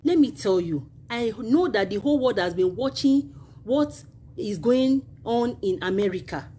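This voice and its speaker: Indignant Nigerian woman, high voice. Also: expressive, unhurried, mellow, husky. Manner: emphatic, indignant, repetitive. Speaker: university union member. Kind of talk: impassioned video appeal.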